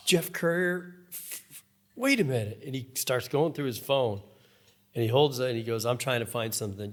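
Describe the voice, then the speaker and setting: A man in his fifties, a professional angler, telling stories in a casual podcast conversation and acting out the people in them. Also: medium pitch. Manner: storytelling, animated, acts out voices. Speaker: guest, professional fly fishing angler.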